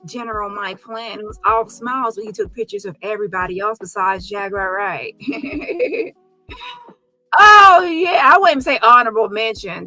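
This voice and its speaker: High bright sassy woman commentator. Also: dry recording, poor audio. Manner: sassy, profane, mocking impressions. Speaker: commentary vlogger. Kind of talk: casual commentary on photos.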